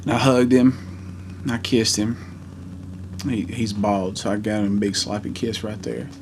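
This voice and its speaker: A man in his forties telling a heartfelt personal story in a vlog, earnest and halting. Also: fairly low pitch, flat delivery, a little mellow, a little hiss or hum. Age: 40s. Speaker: vlogger.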